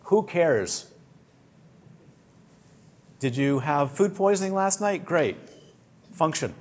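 A man's voice: a little high, animated, slow, darkish tone. A man with a British accent, a meditation teacher giving a conversational teaching talk to a retreat group, full of anecdotes. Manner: conversational, anecdotal, acts out quoted complaints.

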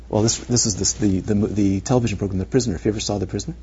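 A male meditation teacher giving a dharma talk, animated and rhetorical, sometimes dropping to near whispers, on a muffled recording. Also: fairly low pitch, quick pace. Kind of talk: dharma talk to retreat students. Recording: muffled lo-fi recording with faint noise.

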